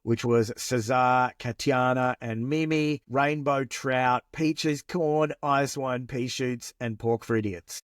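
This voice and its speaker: A man's voice: medium pitch, steady tone, slow pace, few pauses, no room sound, studio quality. A man co-hosting a podcast, rambling in casual chat and swearing now and then. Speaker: podcast co-host.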